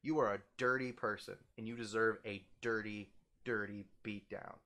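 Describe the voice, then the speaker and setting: A young man ranting casually, animated and profane, his voice jumping up when heated. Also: normal speed. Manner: animated, swearing, heated, with sudden pitch jumps. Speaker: vlogger ranting.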